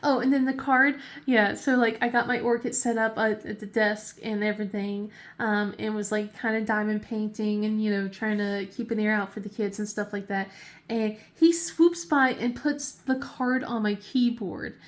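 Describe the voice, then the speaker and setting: A woman's voice: mid-range voice, fairly even intonation, normal speed. A woman in her thirties hosting a casual crafting chat from her home desk, giggly and chatty with many fillers and restarts. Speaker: craft channel host.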